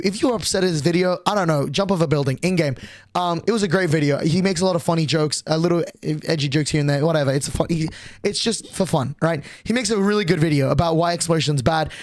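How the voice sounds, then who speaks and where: A man's voice: a little high, no echo. A young man streaming, telling a rambling, profane story and acting out quotes in a casual way.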